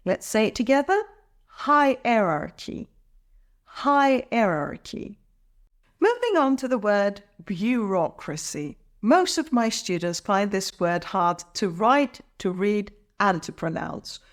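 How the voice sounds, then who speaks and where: Slow, lively-pitched woman teaching pronunciation. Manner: careful, drawn-out syllables for practice. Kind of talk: slow, clear pronunciation lesson.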